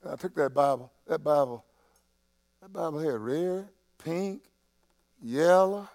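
A man preaching a sermon, halting and repeating himself in quieter stretches, building to loud, impassioned preaching. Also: on the high side. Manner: halting, with many restarts and fillers.

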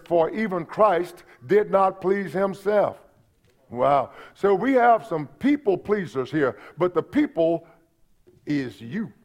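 A man preaches with a slightly high, a little mellow voice marked by vocal fry. He's a folksy, funny pastor who repeats his points and chats with the congregation in asides, on a dull lo-fi church recording.

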